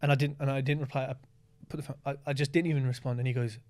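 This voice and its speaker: A man speaking as a guest in an interview, blunt and candid, telling stories in a lively way and swearing freely. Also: mid-range voice, racing, soft background music. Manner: animated storytelling with acted-out asides. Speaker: podcast guest, property investor. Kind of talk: casual interview talk.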